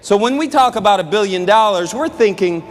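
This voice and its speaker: A man's voice: high voice, animated, a little fast. A man giving a fired-up motivational speech as a sales executive at a company event, out of breath and emphatic. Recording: echoey large hall with music.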